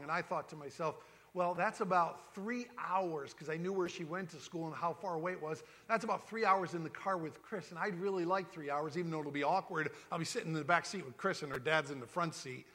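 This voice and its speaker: Man, fifties, bright forceful voice, folksy storyteller, long hall reverb. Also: a little high. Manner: folksy storytelling, acts out quoted dialogue. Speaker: speaker telling his life story. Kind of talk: personal testimony talk.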